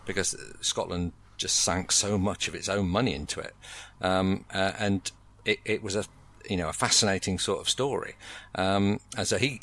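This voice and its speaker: A middle-aged man, a board game designer, giving measured, rambling explanations with many pauses in a casual podcast interview. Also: deep voice, a bit bright.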